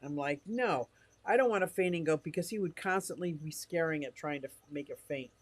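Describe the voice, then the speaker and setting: A man's voice: on the high side, fairly quick, no room sound. Chatty older man, dry close sound. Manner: rambling and chatty, reads chat aloud. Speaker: live streamer. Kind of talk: casual live stream chat. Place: indoor fish room.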